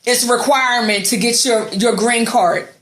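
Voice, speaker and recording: A woman's voice: a little high, moderate pace, a bit bright, roomy sound. Heated, profane woman ranting. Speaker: vlogger. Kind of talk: angry ranting monologue.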